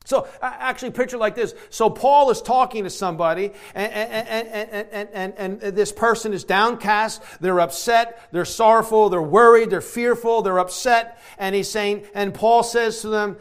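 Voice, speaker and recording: A man preaching a sermon, emphatic, moving from hushed reflection to shouted declarations. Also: high voice, fairly quick, few pauses. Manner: emphatic, swings from quiet to shouting.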